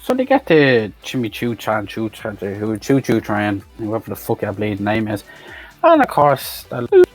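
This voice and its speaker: A man's voice: fairly low pitch, huge pitch swings, measured pace, faint music behind. A man recapping a film in a rambling, sweary, sarcastic way. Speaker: film reviewer. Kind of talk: profane comedic movie recap.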